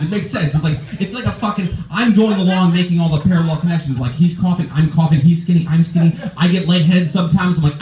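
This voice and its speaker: A young man riffs through a stand-up set at a rapid clip, his slightly high voice warm and mellow. His stories ramble and swear with rising exasperation, and his lines ring out in an echoey comedy club room. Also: far from the mic. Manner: rambling, profane, exasperated storytelling.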